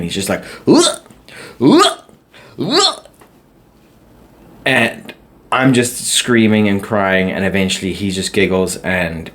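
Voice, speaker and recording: A man hosting a casual solo podcast, chatty and rambling, laughing at his own stories. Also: fairly low pitch. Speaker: podcast host.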